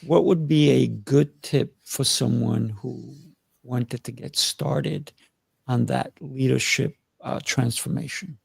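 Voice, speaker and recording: A man hosting a relaxed panel discussion, his voice heavily gravelly with deep fry. He talks earnestly, circling back over words as he works out an idea. The sound is close and dry. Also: slow pace, no room sound. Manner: earnest, repeats words while finding his point. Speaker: host. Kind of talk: casual panel talk.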